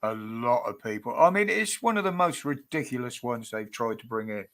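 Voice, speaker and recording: A man's voice: mid-range voice, lively intonation, moderate pace, a bit bright. A man hosting a casual livestream chat, rambling, laughing and cheeky. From United Kingdom. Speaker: livestream host.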